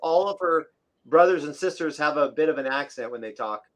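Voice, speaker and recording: A talkative man with a voice pitched a little higher than most. He co-hosts a podcast in a relaxed, chatty way, spinning stories and laughing easily. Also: brisk. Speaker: podcast co-host. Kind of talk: casual chat.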